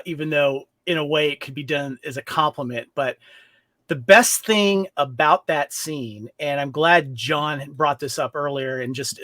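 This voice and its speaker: A man's voice: on the high side, a bit bright, no room sound. A man co-hosting a podcast, sharing thoughtful, opinionated takes in casual chat. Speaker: co-host.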